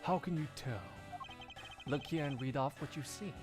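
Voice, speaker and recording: A man in a live fan dub voicing a cocky male agent in a low, slow, smug voice. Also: loud music behind the voice, close to an everyday voice. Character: cocky male martial-arts style agent.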